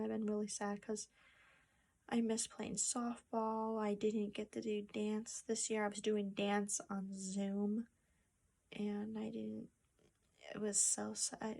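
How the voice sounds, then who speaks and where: Slow, gravelly-voiced young woman vlogging. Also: mid-range voice. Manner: soft-spoken, halting, with restarts and sad pauses. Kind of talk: personal vlog to camera. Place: home room with a treadmill. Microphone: phone camera.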